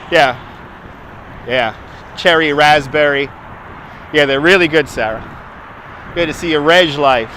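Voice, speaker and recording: A man with a fairly high, bright and forceful voice hosts a relaxed outdoor livestream, chatting away and responding to viewer comments. He records on a phone mounted on a handheld gimbal while walking a city waterfront, with faint outdoor noise behind him. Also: takes it slowly, long pauses. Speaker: livestream host. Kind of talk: casual livestream chat.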